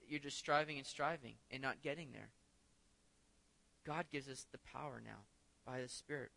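Bright-voiced preaching man. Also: medium pitch, vocal fry. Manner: emphatic preaching with rhetorical questions. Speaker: pastor. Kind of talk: sermon.

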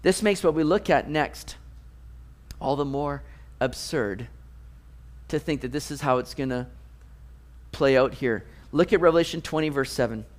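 A man preaching a sermon, reading scripture and explaining it with animated, playful asides. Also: normal speed, pauses often. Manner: animated, jumps to high mock voices for jokes. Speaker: pastor.

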